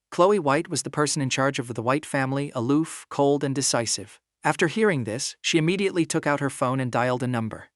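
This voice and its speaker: A man narrating a drama recap in second person, steady and smooth. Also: mid-range voice, a little fast, few pauses, dry recording, clean studio sound.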